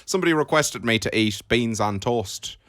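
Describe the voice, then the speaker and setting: A man's voice: medium pitch, animated, normal speed, fairly bright tone, no room sound. A young man with an Irish Mayo accent, a guest in a radio studio chatting casually with dry, self-mocking humour. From Ireland.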